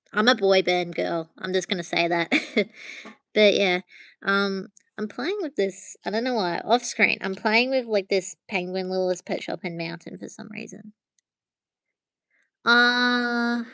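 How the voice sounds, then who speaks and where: A woman's voice: mid-range voice, a bit bright, clear, resonant tone, no echo. A woman hosting a casual livestream, chatting with viewers from her phone in a rambling way. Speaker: livestream host.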